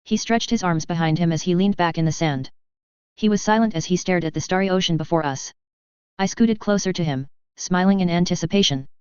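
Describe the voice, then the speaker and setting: A woman reads fan fiction aloud in a plain, steady way, her lowish voice very clear. The recording is close and dry, with a dull, lo-fi sound. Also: a little fast, no echo.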